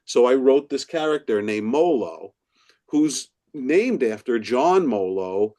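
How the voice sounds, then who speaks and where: A man's voice: medium pitch, takes it slowly. A middle-aged man, an author and professor, telling stories in a casual interview and acting out the voices of people he quotes. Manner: animated storyteller who acts out quoted voices. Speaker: author and professor, podcast guest.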